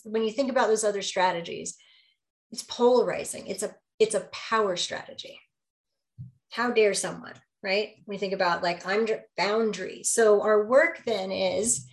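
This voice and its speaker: A woman business coach in her thirties or forties leads a group workshop in a lively, conversational way. She keeps slipping into little acted-out exchanges and checks in with "right?" Her voice sits at an ordinary middle pitch. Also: moderate pace. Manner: lively, acts out dialogue, often asks "right?".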